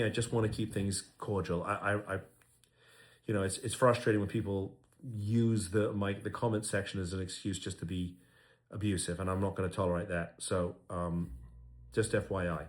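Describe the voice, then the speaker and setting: Earnest lower-voiced man, filler-heavy commentary. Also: fairly even intonation, normal speed. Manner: earnest, repeats himself, many fillers. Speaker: lawyer. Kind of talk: casual commentary to camera.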